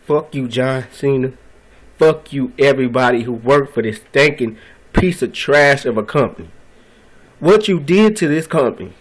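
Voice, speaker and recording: A man's voice: mid-range voice, poor audio. A man delivering an angry, frustrated video rant, full of repeated phrases and profane outbursts. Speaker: vlogger ranting about wrestling.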